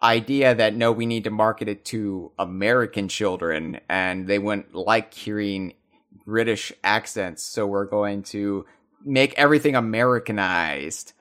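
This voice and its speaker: A man's voice: fairly low pitch, measured pace, fairly bright tone. Rambling, enthusiastic man in podcast chat. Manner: rambling, restarts often, enthusiastic. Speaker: podcast co-host. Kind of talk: casual chat.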